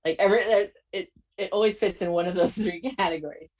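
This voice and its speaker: A woman's voice: mid-range voice, quick pace. A woman hosting a casual chat, asking her guest questions in a talkative way full of fillers. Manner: chatty, full of "like". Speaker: host.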